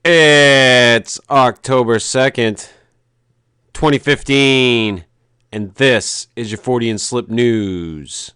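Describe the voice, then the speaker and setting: A man's voice: medium pitch, slow, pushed and bright, clean tone, dry recording. A man co-hosting a casual comedy podcast, sarcastic and profane in his banter. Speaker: podcast co-host.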